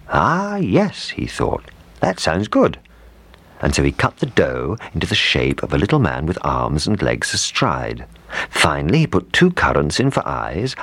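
A man reading a children's storybook aloud with expressive, lively intonation. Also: very deep voice, slightly rough, dry recording.

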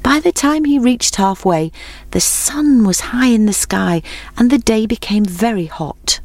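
A woman reading a children's storybook aloud in a measured, expressive way. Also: lowish voice, no echo.

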